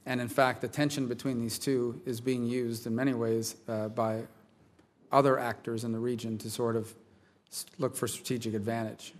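A male senator questioning a witness at a hearing, in a medium voice with very little rise and fall. He speaks in a measured, deliberate way, hesitating with fillers as he builds his points. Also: mid-range voice, little pitch movement.

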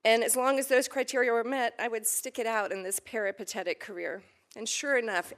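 An earnest woman in her fifties from the United States delivers formal prepared testimony before a committee. Her voice is measured and steady, carries at a middle pitch, and now and then turns emotional. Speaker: ambassador nominee testifying. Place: committee hearing chamber.

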